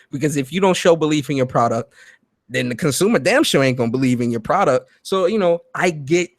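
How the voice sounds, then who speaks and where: A man hosting a live gaming talk show from home, animated and profane, laughing loudly and reading chat messages aloud. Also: medium pitch, no echo. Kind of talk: live-streamed commentary chat.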